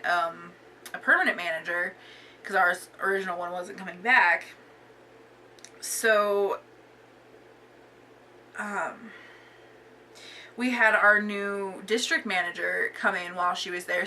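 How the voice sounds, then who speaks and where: A woman's voice: medium pitch, sharp tone, distant mic, a little hiss or hum. A young woman vlogger telling a casual storytime, chatty and full of filler words.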